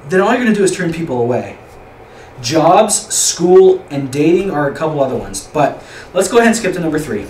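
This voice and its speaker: A man's voice: a little high, very animated, a little fast. Young male youth leader, loose chatty teaching style, recorded from across a room with faint background noise. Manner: rambling, repeats words, asks the group questions. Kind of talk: informal youth group teaching. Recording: roomy echo, distant mic, faint room noise.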